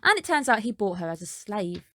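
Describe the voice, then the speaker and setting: A woman's voice: medium pitch, big pitch swings, fairly quick, sharp tone, dry recording, clean studio sound. A woman reviewing an anime episode in a casual recap, chatty and dropping skeptical asides.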